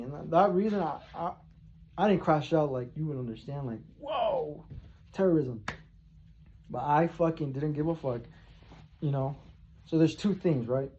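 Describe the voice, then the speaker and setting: A man's voice: a little high, dark tone, muffled recording. A man rambling and swearing heavily in a monologue to camera, sitting on his bed. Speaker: vlogger. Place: bedroom, seated on bed.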